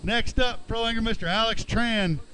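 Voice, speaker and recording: A man's voice: very high voice, normal speed, sharp tone, rough recording. A man emceeing an outdoor fishing weigh-in, announcing weights and chatting chummily with each angler. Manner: upbeat, chummy, calls anglers bud. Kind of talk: live announcing with banter.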